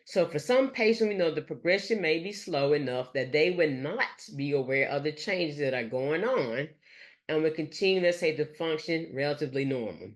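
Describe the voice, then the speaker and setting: A nurse educator giving a recorded lecture over slides, speaking haltingly and leaning on fillers and restarts. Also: mid-range voice, expressive. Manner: halting, with frequent fillers like "let's say" and "gonna".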